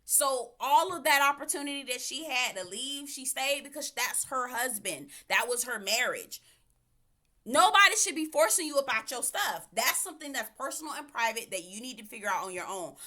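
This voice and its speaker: A woman with a bright, fairly high voice reviews a reality series in an opinionated, casual way. She is sassy and emphatic, and she speaks straight to the people on the show as if they were in front of her. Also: lively intonation, moderate pace.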